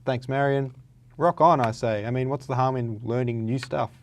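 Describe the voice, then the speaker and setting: A young Australian man hosting a vocabulary vlog, his voice hoarse and raspy from days of talking, chatting playfully with lots of fillers. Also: medium pitch, steady tone, moderate pace. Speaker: vlog host. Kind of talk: casual chat about words.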